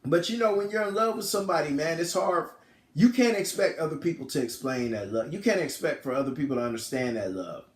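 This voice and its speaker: Male reviewer, higher-pitched, loose slangy retelling, echoey room. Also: lively intonation, fast. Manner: rambling, slangy, often corrects himself. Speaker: film reviewer. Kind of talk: casual plot retelling.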